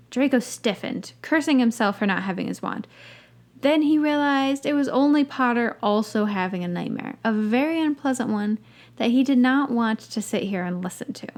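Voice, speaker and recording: A woman hosting a podcast, reading a story aloud and breaking off for wry, dry asides. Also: high-pitched. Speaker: podcast host reading fan fiction.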